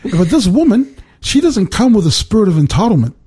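Husky, mellow man explaining scripture. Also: high-pitched, very animated, a little fast. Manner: explanatory, checks in with "right?" and "you know". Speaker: Bible teacher. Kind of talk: casual Bible discussion.

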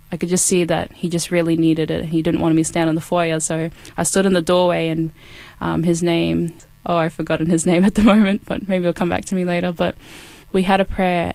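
A woman's voice: fairly low pitch, a little mellow, no room sound. A woman telling a personal story as a guest, earnest and talking with many fillers and restarts. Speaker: guest sharing a testimony. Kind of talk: casual storytelling.

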